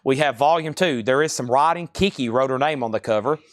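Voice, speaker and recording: A man hosting a live-stream record sale, calling out titles, bids and prices in a steady stream. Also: medium pitch, no room sound, clean studio sound. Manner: rapid-fire listing of items and prices. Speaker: live auction seller.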